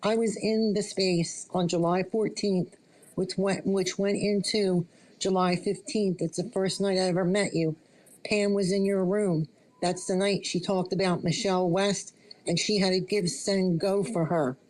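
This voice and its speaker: A woman's voice: medium pitch, steady tone, unhurried, darkish tone, low-quality recording. A woman calling into an online chat, insistently recounting what she witnessed. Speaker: caller. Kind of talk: casual chat.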